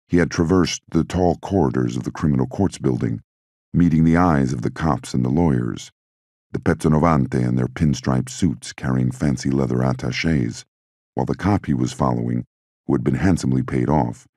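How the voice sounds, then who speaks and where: Very deep gravelly male audiobook narrator. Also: moderate pace, dark tone, dry recording, studio quality.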